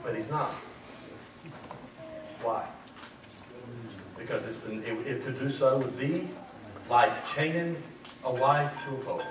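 A male pastor preaching a sermon in an animated, emphatic, folksy storytelling manner. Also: medium pitch, slow, long pauses. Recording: echoey hall, distant mic, faint noise.

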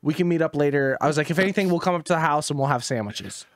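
A young man co-hosting a podcast, telling work stories in casual chat, animated, laughing often and swearing freely. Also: on the high side, racing, no room sound, studio quality. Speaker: podcast co-host.

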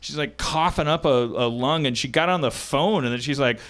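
A man's voice: medium pitch, normal speed, a bit bright. A man hosting a comedy podcast in casual chat, rambling with many stammered restarts. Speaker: podcast host.

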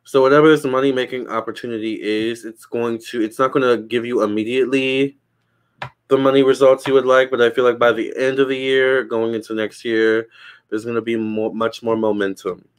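A man's voice: mid-range voice, level tone, brisk, clear, resonant tone. A man doing live psychic tarot readings for viewers in a casual chat, hedging and answering questions from the chat. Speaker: livestream psychic tarot reader.

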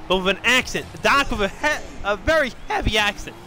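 A young man streaming a game with a friend, excitable, swearing and laughing in casual banter. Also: high voice, fairly quick. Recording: game noise under voice chat.

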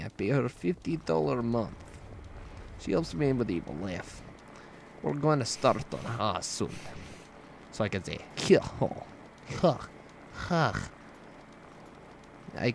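A man's voice: medium pitch, gravelly, a little hiss or hum. A man putting on a joking Russian accent with broken English, playing a boastful, playfully evil character during gameplay commentary. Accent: put-on Russian. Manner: broken English, dropped articles, deadpan joking.

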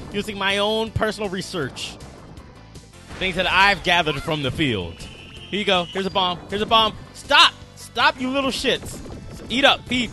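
A game-commentary host whose voice sits high with a sharp tone curses and scolds the on-screen enemies. His explanations ramble and repeat themselves.

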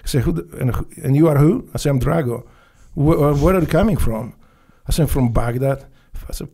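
Guest, male, Polish accent, gravelly and dark-toned, swears freely while he tells his stories. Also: a little high, fairly quick, hardly any pauses. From Poland. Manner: profane, animated storytelling with non-native grammar. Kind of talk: casual storytelling.

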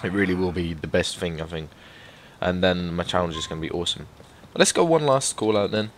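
A man giving casual gameplay commentary, excitable and swearing often, breaking into loud exclamations and rambling asides to his viewers. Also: low-pitched, brisk, a little hiss or hum. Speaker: gaming YouTuber.

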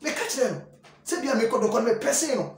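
A man's voice: extremely high pitch, animated, rapid-fire. A man hosting a football talk show, commenting casually and animatedly, often repeating phrases and mixing in English words. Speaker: sports show host. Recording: echoey room, far from the mic.

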